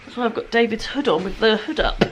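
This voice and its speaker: A woman's voice: fairly high pitch, expressive, quick pace, a little hiss or hum. Woman in her thirties, chatty home vlogger, rambling and giggly, slightly stuffy with a cold. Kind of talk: casual chat. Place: home kitchen.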